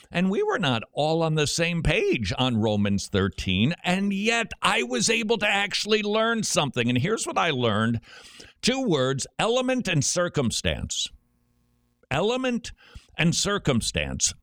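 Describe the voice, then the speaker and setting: Male radio talk host, very lively pitch, dry close sound, joking storyteller. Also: no echo. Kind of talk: conversational radio commentary.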